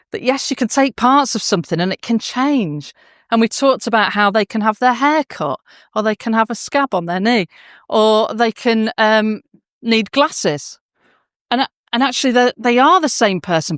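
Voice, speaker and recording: A woman's voice: medium pitch, no echo, studio quality. A woman giving a conference talk to teachers, telling emotional classroom anecdotes with frequent restarts and fillers. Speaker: conference speaker. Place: conference hall.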